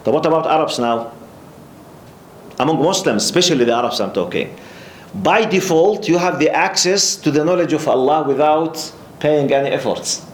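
A middle-aged man from Jordan with a Jordanian Arabic accent, a lecturer giving a lively religious talk full of stories, laughing often and repeating words. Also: fairly high pitch, normal speed, slight background noise. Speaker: Islamic studies lecturer. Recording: roomy echo.

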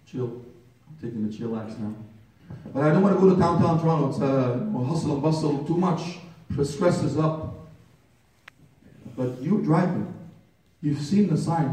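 A man's voice: a little high, warm tone. A man preaching a sermon with passion, speaking directly to his listeners as brothers and building to urgent pleas. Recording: roomy echo from far off.

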